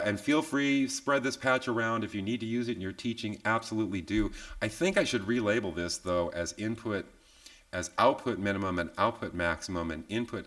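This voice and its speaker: Guy running a live online software tutorial, kinda low voice, laid back and chatty, jokes about himself. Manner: relaxed, chatty, tag questions like "yeah?"; self-deprecating asides. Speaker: software instructor.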